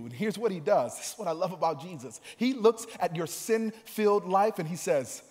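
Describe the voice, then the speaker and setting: High-voiced man preaching in a hall. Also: animated, normal speed, hardly any pauses. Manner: swings between soft, low passages and loud, sing-song preaching. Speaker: pastor. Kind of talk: sermon.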